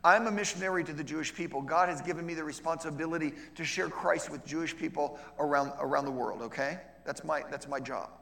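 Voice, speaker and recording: A middle-aged man teaching as a missionary, in a conversational way, often checking in with "okay?" and acting out bits of dialogue with lively shifts of voice. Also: a little high, fast talker, creaky, few pauses. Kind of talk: teaching session on outreach. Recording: long reverb of a large hall.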